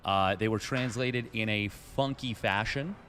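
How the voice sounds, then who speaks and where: A man co-casting a live strategy game match, calmly walking through the lobby setup and tournament rules. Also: lowish voice, unhurried, soft background music. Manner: steady, explanatory. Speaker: esports co-caster.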